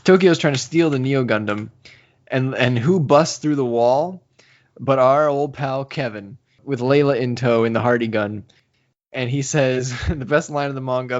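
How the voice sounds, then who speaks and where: A man co-hosting a podcast in casual chat, recapping a story with animated retellings and quotes. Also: medium pitch, normal speed, highs cut off. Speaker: podcast co-host.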